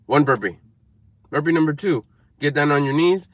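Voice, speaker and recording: A man's voice: a little high, expressive, normal speed, dry recording. A man giving an emphatic, repetitive motivational talk to camera, coaching viewers. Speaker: motivational speaker.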